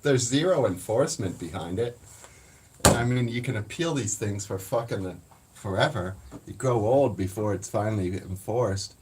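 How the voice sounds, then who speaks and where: Casual male streamer, lowish voice, rambling and foul-mouthed. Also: lively intonation, moderate pace, a little mellow, slight background noise. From Canada. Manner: profane, rambling, blunt. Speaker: livestream host. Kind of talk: casual livestream chat.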